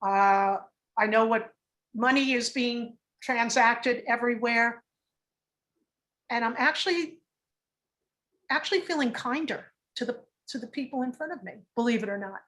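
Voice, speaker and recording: A woman's voice: on the high side, measured pace, long pauses, fairly bright tone. A woman teaching meditation in a casual online workshop, talking in a chatty, rambling way with many restarts, over a video call.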